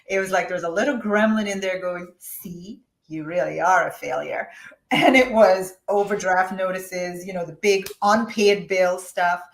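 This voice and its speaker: A woman speaking in the middle of her range tells her story frankly and with emphasis. She swings dramatically between quiet, heavy moments and forceful outbursts. The recording has a lot of room echo. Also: mid-range voice. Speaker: guest, business coach. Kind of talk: personal storytelling in an interview. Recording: echoey room.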